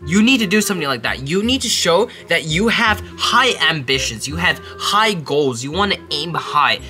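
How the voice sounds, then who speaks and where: Animated young man with a bright edge. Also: fairly high pitch, faint music behind. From Texas. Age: young adult. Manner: animated and self-mocking, with quick mumbled asides. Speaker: college student giving essay advice. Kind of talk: casual advice vlog.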